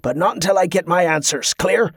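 A man's voice: sits high, brisk, fairly bright tone, breathy edge, dry recording, clean studio sound, pitched above the performer's own voice, heavily acted. A man voicing a volatile, impatient ship captain who barks and snaps out demands. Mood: curt. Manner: barking, snapping, demanding.

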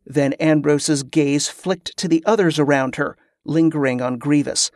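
A man narrating a fantasy audiobook with a somewhat high voice, reading in a steady, even way. The sound is dry and close, with no room at all. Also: a little slow, no echo. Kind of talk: scripted narration.

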